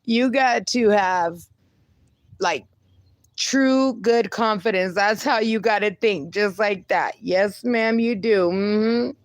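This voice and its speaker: A young woman hosts a casual livestream, chatting slowly and easily as she reads viewer comments, cheering people on upbeat and encouraging, laughing often and swearing mildly. Her middle-pitched voice sounds dry and close, with no room sound.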